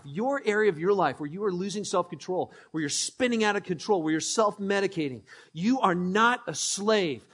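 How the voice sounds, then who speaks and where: A man's voice: sits high, breathy edge. A man preaching a sermon as pastor, emphatic, repeating phrases and leading the congregation in call-and-response. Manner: emphatic, swings from hushed to ringing, repeats phrases.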